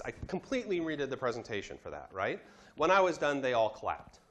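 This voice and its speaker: A man teaching a class, telling a business story in a lively lecture style, acting out the voices he quotes. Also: mid-range voice, a little fast. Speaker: instructor.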